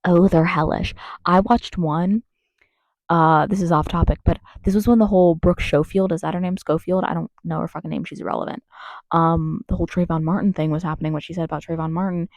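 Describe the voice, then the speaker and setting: A woman's voice: fairly low pitch, fairly even intonation, a little fast, darkish tone, no room sound. A woman ranting to camera in a heated, sarcastic way, swearing often. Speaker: vlogger. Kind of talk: profane political rant to camera.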